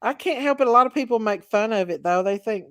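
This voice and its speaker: A woman's voice: fairly high pitch, lively intonation, quick pace, clean tone, no room sound. Woman, Southern US accent, livestream host, casual chat, dry close mic. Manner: chatty, drawling, reads viewer comments aloud.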